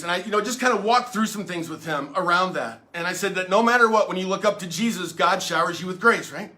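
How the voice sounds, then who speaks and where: Man pastor, earnest and jokey storyteller, slightly high, bright tense tone. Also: quick pace, few pauses. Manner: earnest, playful, with many fillers and restarts. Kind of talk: casual storytelling sermon.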